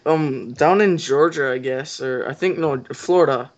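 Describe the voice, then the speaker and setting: A young man co-hosts a hunting podcast and talks haltingly, full of fillers. His voice sits a bit high. The audio is dull and lo-fi. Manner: hesitant, many fillers. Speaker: podcast co-host. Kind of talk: casual chat.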